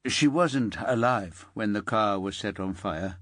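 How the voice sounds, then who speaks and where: A man playing a weary police inspector who speaks in a measured, subdued way, in an audiobook. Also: fairly low pitch, fairly bright tone, dry recording, studio quality. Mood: subdued gentle. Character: weary male police inspector, careful and gentle.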